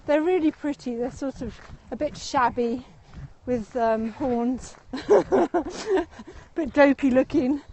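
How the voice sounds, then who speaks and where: High-voiced woman guiding a walking tour. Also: slow, a little mellow, slight background noise, low-quality recording. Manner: chatty and rambling, laughs often. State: a bit out of breath from walking. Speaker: tour guide. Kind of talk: live-streamed walking tour. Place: outdoors in a city meadow and gardens.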